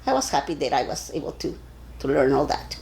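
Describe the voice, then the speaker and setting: An older woman from Arizona being interviewed, telling stories in a casual, animated way and acting out the voices of the people in them. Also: very deep voice, fairly quick, creaky, a little hiss or hum, rough recording. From Arizona, USA. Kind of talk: casual storytelling.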